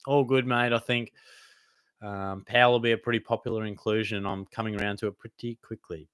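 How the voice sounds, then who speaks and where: A laid-back young Australian man runs a live Q&A stream and answers chat questions in a casual, matey way. His voice sits low but has a bright, forward edge. He is recorded close on a dry mic with no room around him. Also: fairly even intonation, a little fast, clear, resonant tone, no room sound. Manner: laid-back, blokey, calls viewers mate. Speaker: fantasy football live stream host.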